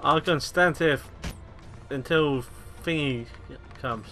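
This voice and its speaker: A man's voice: a little high, slow, over music. A young man giving casual, rambling commentary while playing a video game, often exclaiming at the action. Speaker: gamer.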